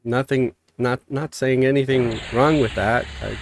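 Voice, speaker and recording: Stuffy guy streaming a game, slow laid-back chat, reads out chat, faint hiss. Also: medium pitch. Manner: relaxed, rambling, reads chat aloud. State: stuffy from a cold.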